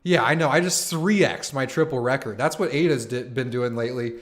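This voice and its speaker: Hyped young dude streaming, swears a lot, calls everyone man, mid-pitched voice. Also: brisk. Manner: excited, profane, slangy, says "man" and "dude" often. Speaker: livestream host. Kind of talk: casual live stream chat.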